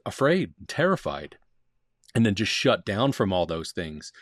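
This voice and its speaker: A man's voice: mid-range voice, no room sound. Host: man with a mid-range voice, conversational and thoughtful, dry close sound. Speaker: podcast host. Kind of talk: casual interview chat.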